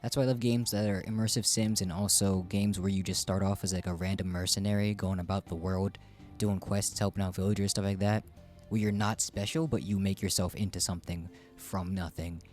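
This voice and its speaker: A man's voice: deep voice, fairly even intonation, brisk, a little mellow, faint music behind. A man casually chatting through a game he is streaming, rambling and joking about himself. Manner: chatty, rambling, self-deprecating. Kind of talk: casual gameplay commentary.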